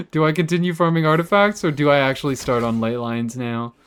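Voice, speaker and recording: A man's voice: on the high side, fairly even intonation, normal speed, a bit bright, clean tone. A young man chatting casually with his chat while streaming a game, sarcastic and swearing freely.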